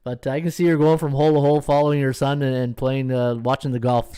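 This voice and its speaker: A man's voice: medium pitch, fairly even intonation, a little fast, few pauses, dark tone, clean tone, dry recording. A man hosting a sports betting podcast, chatting casually and greeting viewers by name between picks. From Canada. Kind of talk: casual live-stream chat.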